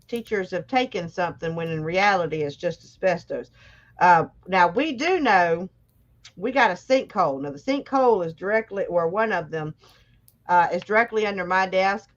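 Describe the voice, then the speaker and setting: Live co-host: woman, medium voice, frank and rambling, dull lo-fi recording. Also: mid-range voice. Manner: chatty and candid, with frequent fillers. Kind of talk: casual chat.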